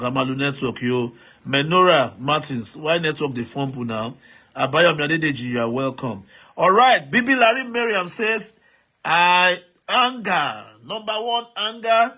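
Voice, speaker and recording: A man's voice: medium pitch, sharp tone, husky. A Nigerian man hosting a live stream, reading out viewer comments and urging the audience to write in, switching between English, Pidgin and Yoruba.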